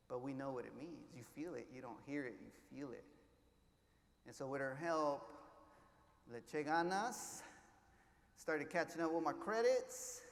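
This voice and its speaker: A man giving an inspirational keynote, telling his story with hushed lows and loud surges, mixing in Spanish words. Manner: passionate, swings between hushed and loud, drops Spanish words. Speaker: keynote speaker. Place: large conference hall. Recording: echoey hall, faint ambience.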